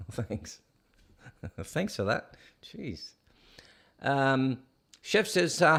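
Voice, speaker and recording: A middle-aged Canadian man hosting a casual livestream reads viewer comments out loud and slips into bits of songs. His mid-range voice swings widely in pitch, with drawn-out words, creakiness, frequent pauses, a slightly bright tone and a touch of roughness.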